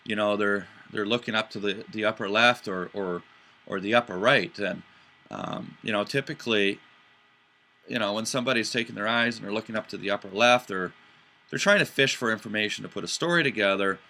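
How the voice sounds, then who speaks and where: A man hosts a podcast and explains things in a loose, conversational way. His voice sits low but comes across bright and forceful. He is animated, often doing quick voices and inflections, and trips into restarts along the way. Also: gravelly. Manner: animated, acts out voices and inflections to make points; frequent fillers and restarts. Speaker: podcast host. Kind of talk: casual explanatory talk.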